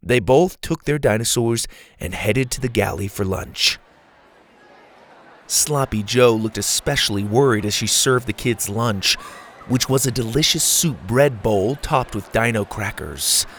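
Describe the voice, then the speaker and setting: A man reads a children's adventure story aloud, keeping an even, measured delivery. His voice sits in a middle range. A faint hiss lies under the recording. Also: medium pitch.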